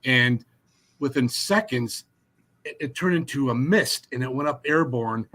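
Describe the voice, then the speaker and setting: A man, a paranormal investigator telling his experiences in a casual podcast chat, animated with frequent restarts. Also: medium pitch, measured pace.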